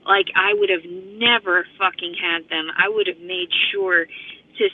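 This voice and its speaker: A woman's voice: fairly low pitch, fairly even intonation, unhurried. Woman vlogger, profane rambling rant, slightly out of breath, thin phone-line audio. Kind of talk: rambling monologue to camera. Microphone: phone camera.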